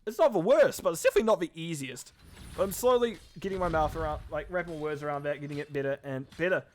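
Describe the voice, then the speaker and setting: A man casting a live esports match with quick, chatty play-by-play commentary, often correcting himself mid-sentence. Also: a little high. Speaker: esports caster.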